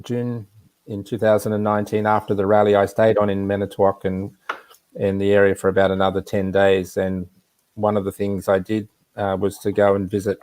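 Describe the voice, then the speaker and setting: Give me a man with a lowish voice telling an anecdote over a video call. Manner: rambling, warm anecdotal telling with quick asides. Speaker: regular guest. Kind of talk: casual storytelling on a live chat.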